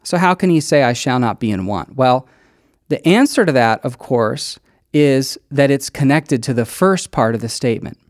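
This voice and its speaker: A man's voice: mid-range voice, lively intonation, moderate pace, dry recording, studio quality. A man preaching a sermon in a conversational, earnest way, with emphatic stresses as he works through a passage. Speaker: pastor.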